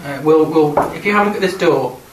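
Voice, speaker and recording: A man playing a tabletop game, calm and hesitant, in casual chat. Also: fairly high pitch, quick pace. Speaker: player. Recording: roomy, distant mic with background noise.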